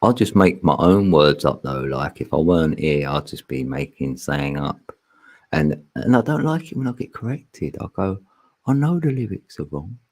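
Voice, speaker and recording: Deep husky man chatting on a livestream. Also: sing-song, moderate pace, darkish tone. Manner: joking, rambling, laughs often, sings loosely. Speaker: livestream host. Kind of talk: casual live stream chat.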